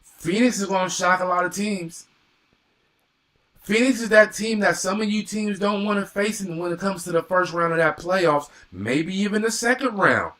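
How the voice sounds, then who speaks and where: A young man doing live play-by-play and reaction on a stream, reading viewer comments and bursting into excited exclamations. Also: sits high, moderate pace.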